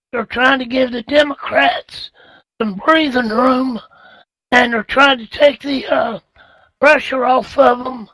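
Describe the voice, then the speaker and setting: A hoarse man with laryngitis, co-hosting a talk radio show and speaking slowly and emphatically. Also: very high voice, bright, forceful tone, dry recording, poor audio. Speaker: radio co-host.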